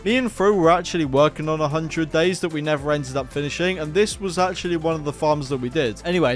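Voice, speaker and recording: A man narrating his survival game with jokey, self-mocking asides and sarcastic humor. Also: on the high side. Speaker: Minecraft YouTuber. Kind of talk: playful gaming commentary. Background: background music.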